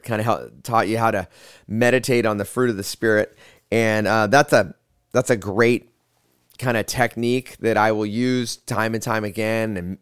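A man teaching a guided prayer method in a relaxed, halting way, with slow, drawn-out readings. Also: on the low side, smooth, dry recording, clean studio sound. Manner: relaxed, halting, with many fillers and restarts. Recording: spa music playing behind. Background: soft spa music.

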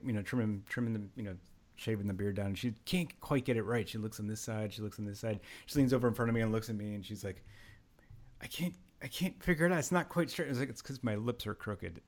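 A man from Pennsylvania hosting a podcast in casual chat, animated and quick to rant and laugh. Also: on the low side. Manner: animated, ranting, laughs often. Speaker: podcast host. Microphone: headphones on, video call.

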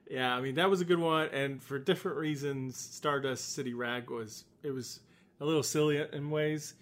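A co-host in a casual fan discussion who gives opinions in a measured, relaxed way. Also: medium pitch. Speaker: podcast co-host.

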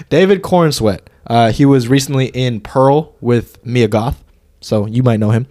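A man's voice: mid-range voice, slow, mellow, no echo, studio quality. A man co-hosting a casual movie review podcast, loose and jokey, swearing and stumbling over names. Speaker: podcast co-host.

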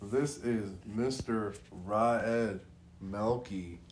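Slow-talking, dry man in casual chat. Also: on the low side, slight background noise. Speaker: podcast co-host. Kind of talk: casual music reaction chat.

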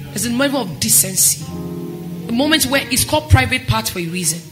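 A woman pastor preaching a sermon, impassioned and climbing to near-shouts. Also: a little high, animated, brisk, over music.

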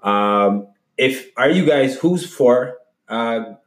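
A man hosting a casual podcast chat, loose and quick to laugh, backing others with mm-hmms. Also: mid-range voice, animated. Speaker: podcast host. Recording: roomy echo.

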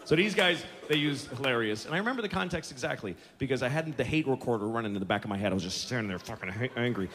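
Ranting stand-up comedian, big swings. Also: male voice, mid-range voice, animated, rapid-fire, few pauses, fairly bright tone, a little hiss or hum. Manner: profane, ranting, mocking impressions of dull speakers. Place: large theater stage with live audience. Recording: live concert recording with audience laughter.

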